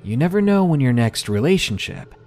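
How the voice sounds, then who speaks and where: A man reading a submitted first-person horror story aloud in a measured, steady narration. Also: medium pitch.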